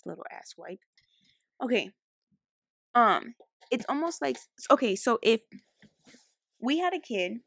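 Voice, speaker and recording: A woman's voice: a little high, very animated, gravelly, a bit bright, no echo, studio quality. A young woman co-hosting a podcast, teasing and blunt in casual back-and-forth banter. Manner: teasing, blunt, quick to interject. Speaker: podcast co-host.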